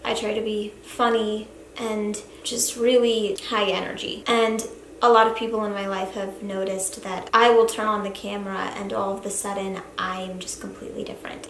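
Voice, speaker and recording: A young woman vlogger talking earnestly to camera in a room of a family house, soft-spoken and sometimes dropping to a hushed whisper. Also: mid-range voice, gravelly. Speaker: YouTube vlogger. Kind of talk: confessional talk to camera. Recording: echoey room, faint background noise.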